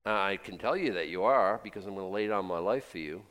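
A man's voice: deep voice, fairly quick, hardly any pauses, a bit bright. A man preaching a sermon in a conversational way, quizzing his listeners and repeating himself. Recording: long hall reverb.

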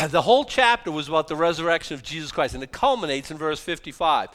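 A pastor preaches with a fairly high man's voice. He swings between loud, emphatic bursts and low, quiet asides, talking in a loose, conversational sermon style. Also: brisk, hardly any pauses. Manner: animated, rising to emphatic shouted bursts and dropping to quiet asides.

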